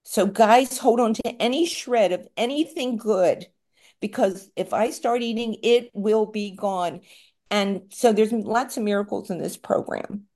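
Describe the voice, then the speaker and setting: A middle-aged woman shares her personal story at a recovery support meeting, talking a little slowly in a mellow, mid-range voice. She rambles candidly and pokes fun at herself, and at times she comes close to tears.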